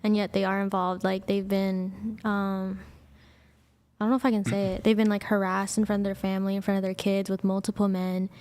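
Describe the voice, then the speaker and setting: Hesitant woman with a flat, smooth voice. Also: medium pitch, a little fast. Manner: hesitant, apologetic. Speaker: dating show guest. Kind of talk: panel discussion.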